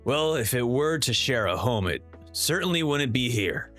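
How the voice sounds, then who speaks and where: A man's voice: mid-range voice, expressive, normal speed, a bit bright, faint music behind, close to an everyday voice. A man voicing an arrogant, cold nobleman in a haughty, dismissive tone while reading a comic aloud.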